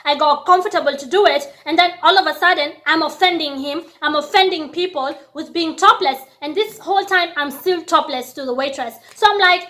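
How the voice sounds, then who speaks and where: Casting: high-pitched woman vlogger, lively, plays out every line of dialogue herself. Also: a little fast. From lives in Austria. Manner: animated, acts out dialogue. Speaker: vlogger telling a story. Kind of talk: casual storytelling. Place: indoors near a street parade.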